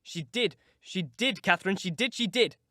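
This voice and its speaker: A man's voice: sits high, expressive, moderate pace, bright, forceful tone, no room sound, studio quality, pitched above the performer's own voice. A man reading an audiobook, voicing a sickly, spiteful teenage boy with a whiny, petulant manner. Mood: taunting.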